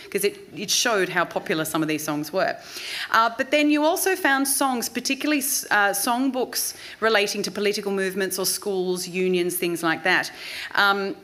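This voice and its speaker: A woman giving a lively, participatory lecture, chatting warmly and enthusiastically with her audience. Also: medium pitch.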